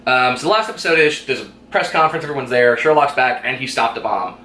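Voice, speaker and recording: A man hosting a casual review vlog, retelling scenes with quick animated chatter and acted-out quotes. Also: mid-range voice. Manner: fast, animated retelling with quoted lines and laughs. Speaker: vlog host reviewing a TV episode. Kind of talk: casual chat. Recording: echoey room with faint noise.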